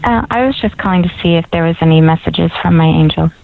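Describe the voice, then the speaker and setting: A woman's voice: fairly low pitch, quick pace, creaky. A woman calling in to a radio show, giving short, hesitant answers with fillers. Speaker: caller. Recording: tinny phone line with faint hiss.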